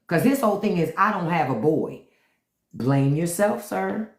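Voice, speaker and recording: A middle-aged woman hosting a live stream, chatting with viewers in a blunt, profane, animated way. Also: on the low side, moderate pace, echoey room.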